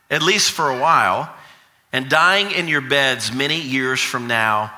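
A man's voice: mid-range voice, sharp tone, voice pushed down, full character voice. A man voicing a defiant Scottish rebel leader, with a put-on Scottish accent, giving a solemn, stirring battle speech to his troops during a sermon illustration.

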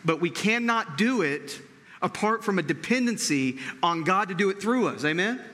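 A man's voice: high voice, lively intonation, normal speed, a bit bright, big-room sound. A man preaching a sermon in a conversational way, checking in with his listeners and often repeating words as he thinks. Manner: conversational preaching with frequent check-ins to the audience. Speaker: pastor.

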